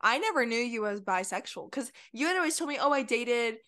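A young woman co-hosting a podcast, talking candidly and rambling, with a dark sense of humor. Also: fairly high pitch, lively intonation, brisk. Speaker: podcast co-host. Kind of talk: casual chat.

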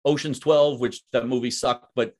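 A man's voice: mid-range voice, normal speed. A young adult man hosting a podcast, chatting casually and swearing freely, saying "dude" and "like" a lot. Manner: animated, swears freely, says "dude" and "like" often. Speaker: podcast host. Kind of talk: casual chat.

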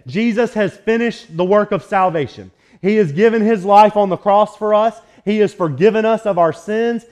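A man pastor preaching a relaxed, joking sermon in a church sanctuary, telling stories between scripture readings. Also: high voice, moderate pace, few pauses. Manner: casual, conversational, joking storyteller.

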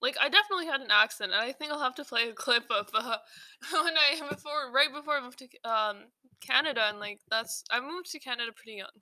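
A young woman hosts a podcast in loose, rambling chat. She keeps restarting her sentences and filling gaps with "like". Her voice is bright and a little high, and the dry recording has almost no room sound. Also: fast, dry recording. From South Asia. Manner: rambling, many fillers and restarts. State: slightly out of breath while eating. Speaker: podcast host.

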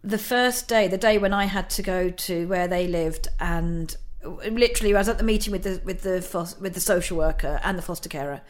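A woman's voice: fairly low pitch, a little fast, few pauses. A middle-aged woman, a guest in an interview, telling a personal story in a chatty way, laughing often and using many fillers.

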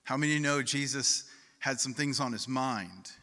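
A man preaches a sermon in a casual, conversational manner, often turning questions over to the congregation. His voice is bright and forceful, with a mid pitch. The sound carries the long reverb of a church hall. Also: moderate pace. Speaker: pastor.

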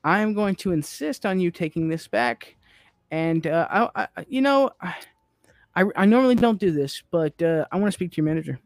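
A man's voice: high voice, lively intonation, moderate pace, creaky, no echo, studio quality. A man co-hosting a comedy podcast, playing through improv scenes in a hesitant, stammering, playful way. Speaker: podcast co-host.

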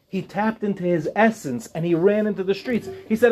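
A man in his forties, a rabbi giving an animated Torah class to young women in a classroom, acting out quoted voices with humor. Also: high-pitched, moderate pace, slight background noise. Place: classroom before an audience.

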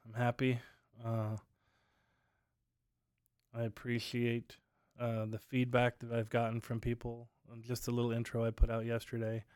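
A man's voice: medium pitch, completely flat delivery, measured pace, darkish tone, clean tone, no echo, clean studio sound. A man hosting his own podcast, chatting casually and rambling through stories with lots of fillers, at home at night. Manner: rambling storytelling with many fillers. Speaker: podcast host. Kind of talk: casual solo chat.

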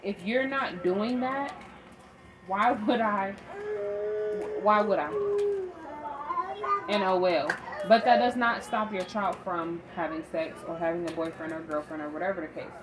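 A woman's voice: fairly low pitch, moderate pace, few pauses. Frank, emphatic woman over background noise. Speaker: parenting vlogger. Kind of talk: candid storytelling monologue. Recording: steady audible background noise.

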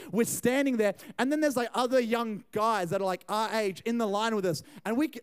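High-voiced young man preaching. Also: brisk, hardly any pauses, clean tone. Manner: animated, chatty, addresses the crowd. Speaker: youth pastor. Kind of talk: storytelling sermon.

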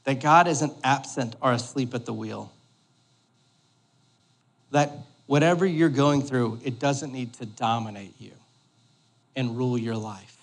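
A pastor in his thirties giving a sermon in a church hall, joking and conversational, often checking in with the congregation. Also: medium pitch. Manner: joking, conversational, keeps asking "all right?".

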